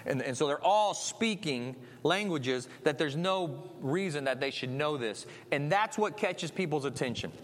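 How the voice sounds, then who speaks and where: Male preacher, fairly high voice, chatty sermon style, recorded with long reverb in a large sanctuary. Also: animated, unhurried, hardly any pauses. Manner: chatty, with frequent tag questions and restarts. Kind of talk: conversational sermon.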